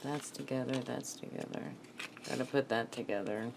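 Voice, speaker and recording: A woman's voice: very deep voice, fairly even intonation, moderate pace, creaky, noisy background. A woman from North Carolina with a Texan accent, chatting casually while she crafts and mutters to herself. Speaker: craft vlogger.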